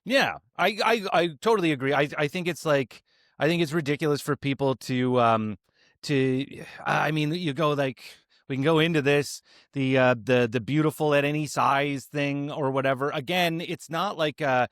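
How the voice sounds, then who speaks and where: A man hosting a podcast who talks in a hesitant, halting way and laughs easily. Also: on the high side, fairly bright tone, dry recording, studio quality. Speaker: podcast host. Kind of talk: casual podcast conversation.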